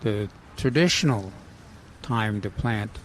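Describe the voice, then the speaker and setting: A man co-hosting a casual gardening radio chat, talking haltingly with many fillers and restarts. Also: on the low side, fairly bright tone. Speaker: gardening show co-host. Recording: outdoor nursery with faint noise.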